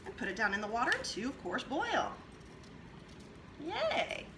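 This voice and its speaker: A woman's voice: on the high side, huge pitch swings, measured pace, background noise. A woman hosting a home cooking demonstration, chatting her way through each step as she works in her kitchen. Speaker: cooking show host.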